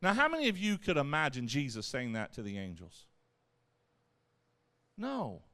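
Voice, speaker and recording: A man preaching a sermon in an animated way, acting out voices as he goes. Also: mid-range voice, moderate pace. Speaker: pastor.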